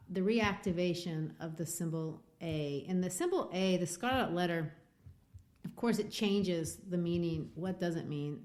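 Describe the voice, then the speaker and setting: Woman podcast host, lower voice, animated, chatty literary breakdown. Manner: animated retelling with many fillers.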